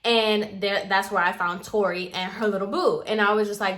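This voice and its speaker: Bright-voiced young woman telling a story. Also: medium pitch, a little slow, few pauses. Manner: chatty and expressive, heavy use of filler "like". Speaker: storytime vlogger. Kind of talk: casual storytelling.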